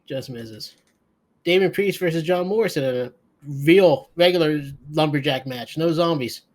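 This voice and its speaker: Speaking at normal speed in a slightly high voice, a man co-hosts a podcast and gives a sleepy, profane, wandering recap of a wrestling show in casual chat.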